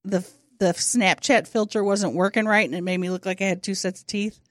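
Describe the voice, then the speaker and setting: A woman's voice: medium pitch, no room sound. A woman co-hosting a comedy podcast, chatting loosely and giggling often. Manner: lively, giggly, slow drawl. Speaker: podcast co-host. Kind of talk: casual comedic chat.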